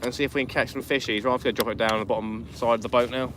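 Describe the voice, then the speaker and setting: A man's voice: mid-range voice, steady tone, very fast. A man hosting a live fishing stream from a small inflatable boat at night, chatting and greeting viewers by name. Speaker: fishing channel host. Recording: wind noise on an open boat. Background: wind and water.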